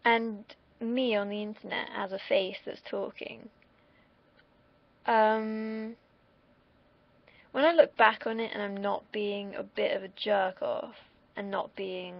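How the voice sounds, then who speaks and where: A young woman from the United Kingdom, streaming solo and casually, rambles candidly and swears freely. Her voice is medium-pitched and gravelly, heard through a dull lo-fi mic.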